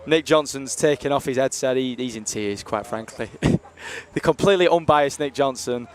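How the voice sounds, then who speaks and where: A man's voice: mid-range voice, normal speed, slight background noise. A young man commentating live on a university ice hockey stream, chatty and jokey as he rambles between games.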